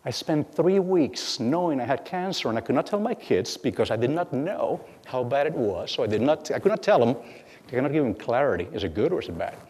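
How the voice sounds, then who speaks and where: A middle-aged man giving a lecture as guest speaker, telling stories with halting repeats and acting out bits of dialogue. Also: medium pitch, big pitch swings, darkish tone, husky. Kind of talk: lecture storytelling. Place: lecture hall. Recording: long hall reverb.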